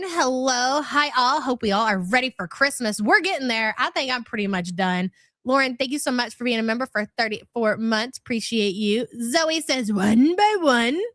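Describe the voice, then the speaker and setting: A woman's voice: high-pitched, normal speed, sharp tone, no room sound, studio quality. A woman hosting a casual live stream who is fighting a cold. She chats along as she greets viewers one by one, reading out their names and calling them hun. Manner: chatty, reads out viewer names, calls people hun. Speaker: livestream host.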